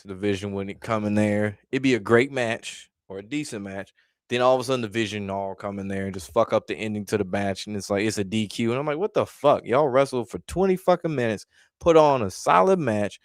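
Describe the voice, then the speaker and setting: A man's voice: fairly low pitch, clean tone, dry recording, studio quality. A man ranting bluntly in a casual vlog, exasperated and swearing freely as he reacts to his chat. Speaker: wrestling commentary vlogger.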